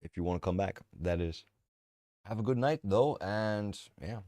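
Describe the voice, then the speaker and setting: A man's voice: on the low side, moderate pace, a little mellow, no echo, clean studio sound. A man streaming, making offhand and profane casual commentary.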